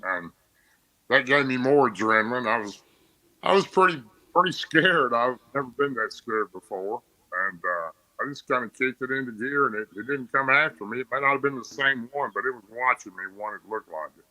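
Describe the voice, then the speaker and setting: Bright dry-voiced man telling a story. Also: mid-range voice, brisk, no echo, poor audio. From Tennessee. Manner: plain, rambling storytelling with restarts. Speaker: podcast guest. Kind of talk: casual storytelling.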